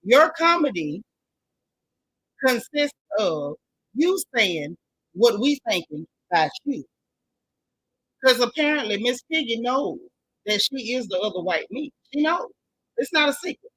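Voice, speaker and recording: A woman hosts a casual gossip commentary show, sassy and blunt. She reads out chat comments and repeats her points for emphasis. Her voice sits a little on the high side. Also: very animated, unhurried, long pauses, fairly bright tone, husky, dry recording, poor audio. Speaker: commentary channel host.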